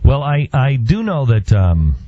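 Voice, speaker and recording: A man hosting a radio interview, talking haltingly with many fillers and restarts. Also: mid-range voice, sing-song. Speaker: host. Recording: dull lo-fi radio broadcast.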